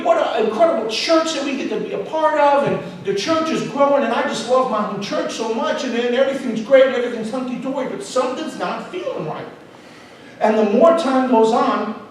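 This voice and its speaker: A male pastor preaching a sermon, telling a personal story with animated swings between loud emphasis and quiet asides. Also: sits high, a little hiss or hum. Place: church auditorium. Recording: echoey hall, mic at a distance.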